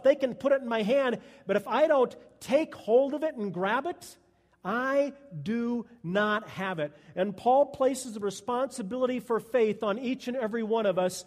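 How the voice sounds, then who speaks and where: A pastor preaching a sermon at a Sunday church service, earnest and emphatic. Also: male voice, very high-pitched, darkish tone. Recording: long echo of a church hall.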